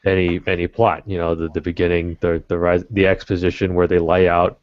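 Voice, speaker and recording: Very deep-voiced man explaining on a call. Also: a little fast, no room sound. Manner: stammering start, then steady explaining. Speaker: podcast panelist. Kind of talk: casual podcast chat. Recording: dry, dull lo-fi voice call.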